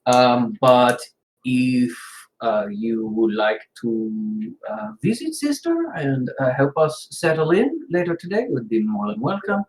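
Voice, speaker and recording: A woman voicing a hesitant, formal male hotel clerk who talks haltingly with many ums. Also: a bass voice, big pitch swings, a little mellow, echoey room, exaggerated voice, low-quality recording.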